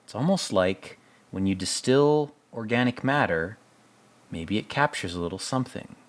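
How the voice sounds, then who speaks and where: A man's voice: lowish voice, lively intonation, normal speed. Sarcastic, profane male show commentator. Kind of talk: casual episode commentary.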